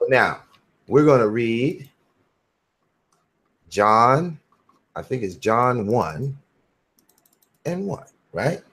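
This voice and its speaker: Slow, deliberate man explaining scripture. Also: mid-range voice, expressive, fairly bright tone, breathy edge. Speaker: host. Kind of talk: casual religious discussion.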